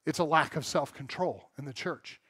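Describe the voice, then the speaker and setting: High-voiced candid preacher man. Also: normal speed, fairly bright tone, breathy edge, dry recording, clean studio sound. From Southern California. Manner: candid, self-mocking, acts out quoted voices. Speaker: pastor. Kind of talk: sermon. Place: church sanctuary.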